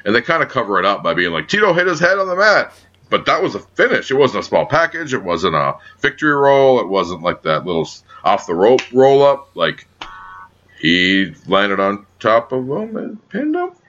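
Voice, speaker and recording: A man co-hosting a casual wrestling podcast, talking in a profane, lively way and teasing his co-host. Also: lowish voice, moderate pace. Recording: dull lo-fi audio.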